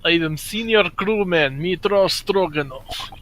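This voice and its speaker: A man doing a surly Russian crewman with a put-on accent, curt broken English and a slightly high, bright, sharp-edged voice, read out for a game stream over a faint hiss. Each line comes out scornful and clipped. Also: unhurried, low-quality recording. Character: gruff hostile male Russian ship crewman. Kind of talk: reading game dialogue aloud on a live stream.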